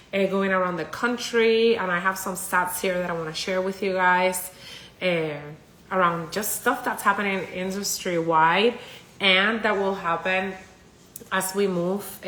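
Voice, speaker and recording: Bright-voiced stuffy woman hosting a stream. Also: mid-range voice. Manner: chatty, upbeat, many fillers. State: stuffy-nosed from a cold. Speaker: real estate agent hosting a live stream. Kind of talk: casual live-stream talk.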